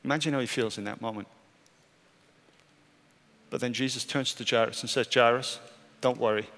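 A male pastor preaching a sermon, moving between urgent raised questions and quiet, hushed statements. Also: medium pitch, fairly even intonation, fairly quick. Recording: church hall reverb with soft music.

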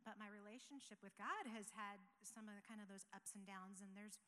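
A woman's voice: mid-range voice, steady tone, fairly quick, in a large hall. A woman in her forties, an operations pastor, sharing a personal testimony in an earnest, conversational way. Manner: earnest, conversational, with soft laughs. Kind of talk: church testimony talk. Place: church sanctuary.

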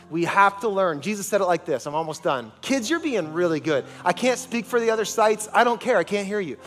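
Man, pastor preaching, high voice, emphatic, long church reverb, soft music underneath. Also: animated, fairly quick, hardly any pauses. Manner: emphatic, calls for congregation responses. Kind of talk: sermon. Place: large church sanctuary.

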